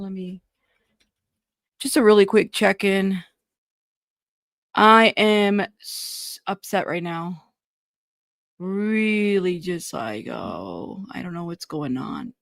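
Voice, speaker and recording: A woman's voice: mid-range voice, expressive, slow, creaky, pauses often, no echo, clean studio sound. A woman hosting a casual live stream, upset and a bit scattered as she greets viewers and fumbles with her screen.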